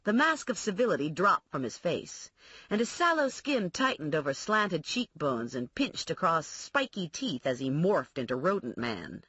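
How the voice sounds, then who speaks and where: A woman narrating an audiobook in a wry, expressive storytelling manner, with a husky voice. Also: low voice, moderate pace, no echo, lo-fi sound.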